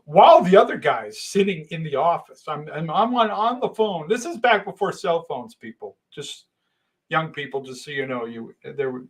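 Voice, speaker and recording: A middle-aged man telling a long casual story, animated, with sudden loud bursts and hushed asides. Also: fairly high pitch, normal speed.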